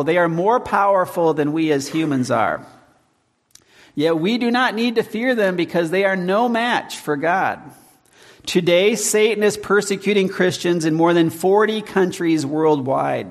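A male pastor preaches from the pulpit with a somewhat high-pitched voice. He speaks in measured tones and slows deliberately when reading verses. The sound carries a long, echoing reverb from the church hall. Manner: measured preaching, slows to read scripture and hymn lines. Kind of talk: sermon.

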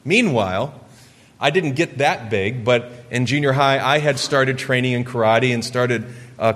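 A man in his forties from Michigan telling a personal story during a sermon, earnest and lively. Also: medium pitch. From Michigan, USA. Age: 40s. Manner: earnest storytelling, gets lively acting out quotes. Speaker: preacher. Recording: long hall reverb.

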